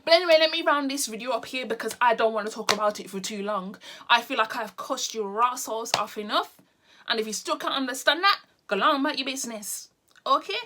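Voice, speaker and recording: A woman's voice: fairly high pitch, brisk, pushed and bright. A woman vlogger ranting blunt and exasperated to the camera, repeating her points.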